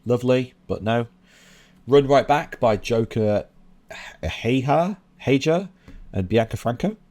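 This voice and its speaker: A man hosting a show reviewing new drum and bass tracks, talking casually and bluntly with lots of fillers. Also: lively intonation, slow, a little mellow. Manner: chatty and blunt, with frequent fillers and laughs. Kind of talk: casual commentary. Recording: music playing under the voice.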